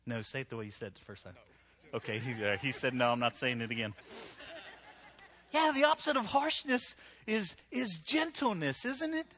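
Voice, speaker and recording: Speaking at a normal speed in a mid-range, somewhat bright voice, this middle-aged pastor preaches a funny sermon before a live congregation. His style is chatty and full of jokes, and he keeps asking "right?" to check in with the crowd.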